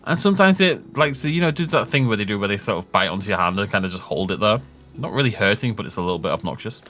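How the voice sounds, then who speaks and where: A man's voice: lowish voice, lively intonation, fast talker, a bit bright. A man giving rambling, jokey commentary while he plays a game, often laughing at his own tangents. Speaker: gaming YouTuber. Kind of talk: casual let's-play commentary.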